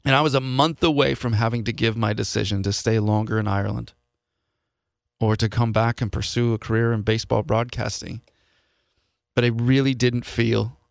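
A man's voice: fairly low pitch, creaky, dry recording, clean studio sound. A man from Seattle, a podcast host, telling a personal story in an earnest, confessional way and voicing his past thoughts as quotes. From Seattle, USA.

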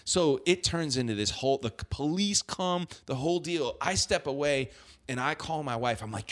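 A middle-aged man, a singer guest on a podcast, telling a story in a lively, jokey way. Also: on the high side, moderate pace. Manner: lively, jokey, acts out quoted voices. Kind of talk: casual podcast chat, animated storytelling.

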